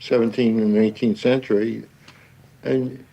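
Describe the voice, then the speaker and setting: A man in a casual studio chat telling halting, rambling anecdotes. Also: medium pitch, flat delivery, gravelly, warm tone, lo-fi sound.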